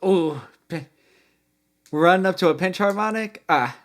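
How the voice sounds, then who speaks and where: A man's voice: sits high, measured pace. Man musing over guitar parts. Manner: musing, comments on guitar parts between songs. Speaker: album reaction host. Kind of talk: casual reaction commentary.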